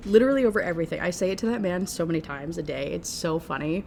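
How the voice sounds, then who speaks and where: A woman's voice: on the low side, fast, creaky, hardly any pauses, noisy background. Sarcastic woman ranting about a book. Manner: animated, sarcastic, swears freely. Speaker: book reviewer.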